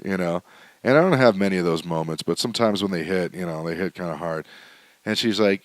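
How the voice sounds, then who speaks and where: Low-voiced man rambling through a story. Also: brisk, no echo. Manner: rambling, candid, with many fillers and restarts. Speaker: podcast host. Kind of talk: casual storytelling monologue. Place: at home. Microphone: home setup, still adjusting sound.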